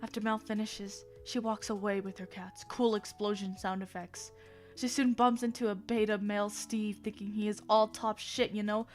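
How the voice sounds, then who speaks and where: A young adult woman streamer reading fan fiction aloud on a livestream, theatrical and lively, breaking off often to laugh and make asides. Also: mid-range voice, moderate pace, soft background music.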